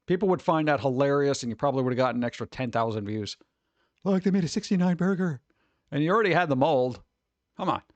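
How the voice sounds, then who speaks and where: A man with a fairly high voice rambles through a casual stream, joking and launching into animated mock rants. He is heard close and dry on a desk mic, with no room sound. The delivery is loose and conversational. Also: fast talker, dry recording, lo-fi sound. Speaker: streamer host. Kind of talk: casual chat reacting to viewer messages.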